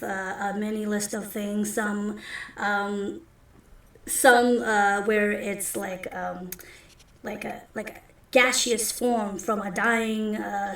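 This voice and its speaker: A woman's voice: mid-range voice, fairly bright tone. A woman narrating as game master of a tabletop game, chatty and rambling. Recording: roomy echo from a distant mic.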